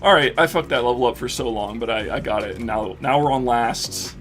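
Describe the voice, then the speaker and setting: A man live-streams a game and chats casually as he plays, rambling excitedly with plenty of swearing and filler words. His voice is medium-pitched and fairly quick, and soft music plays in the background.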